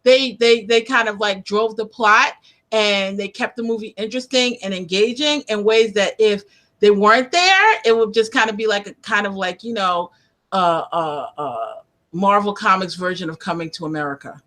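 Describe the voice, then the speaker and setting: A woman's voice: medium pitch, moderate pace, fairly bright tone. A woman interviewer chatting casually about films, laughing often and trailing off mid-sentence.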